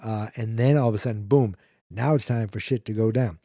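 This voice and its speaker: A man hosting a podcast, recapping a film in a casual, animated, enthusiastic way with some swearing. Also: on the low side, a little fast, no echo, clean studio sound. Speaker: podcast host.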